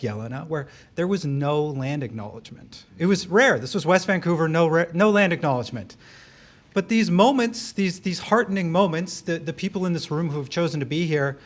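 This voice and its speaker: A man giving a live speech at an event, wry and joking, with quick asides to the room. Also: a little high. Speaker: event speaker and director of an advocacy group.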